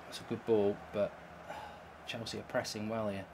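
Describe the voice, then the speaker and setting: A man's voice: fairly low pitch, level tone, moderate pace, noisy background. A man with a heated, swear-filled delivery, hosting video game commentary. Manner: exasperated, swears often. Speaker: host.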